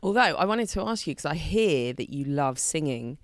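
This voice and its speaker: A woman's voice: low voice, expressive, moderate pace, no echo. A woman hosting a podcast, casually asking her guests curious questions. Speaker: podcast host. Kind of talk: casual interview.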